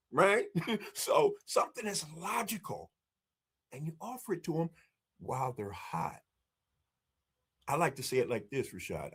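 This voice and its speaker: A man with a fairly high, husky voice talks as a marketing guest on an interview show. His delivery swings widely in pitch, punching key words and slipping into little acted-out exchanges. He keeps turning to address the audience directly. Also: a bit bright. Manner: emphatic, acts out dialogue, addresses the audience directly. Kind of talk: energetic podcast interview storytelling.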